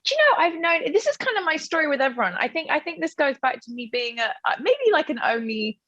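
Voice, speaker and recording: A woman in her thirties from Britain, a podcast guest who talks in an animated way and laughs often. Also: sits high, fast talker, no echo. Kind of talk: casual interview chat. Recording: dry, dull lo-fi audio.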